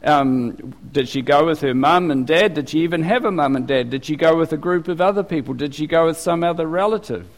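A man preaching a sermon in a relaxed, conversational way, with lots of fillers and restarts, and a lively delivery. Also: a little high, fairly quick, few pauses. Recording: long reverb of a hall.

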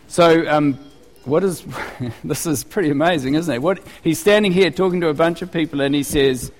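A man's voice: a little high, normal speed, long reverb tail. A man preaching a sermon in a conversational way, often asking his listeners rhetorical questions.

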